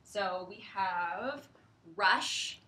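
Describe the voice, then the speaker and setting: A woman's voice: medium pitch, very slow, bright, forceful tone, a little hiss or hum. A young woman co-hosting a casual livestream chat, giggly and full of likes and ums. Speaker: publisher livestream co-host. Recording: echoey room.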